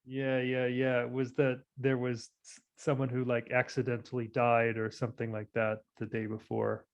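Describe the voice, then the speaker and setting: A man from Ohio hosting a casual chat, loose and self-deprecating with halting restarts. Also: mid-range voice, completely flat delivery, muffled recording.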